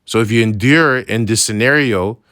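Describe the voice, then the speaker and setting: A man with a lowish voice gives a relaxed Bible lesson, reading verses and then explaining them in loose, slangy talk. He keeps asking "right?" as he goes, and the recording is dry and close. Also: normal speed, no room sound. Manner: slangy, loose phrasing with restarts. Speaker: religious teacher.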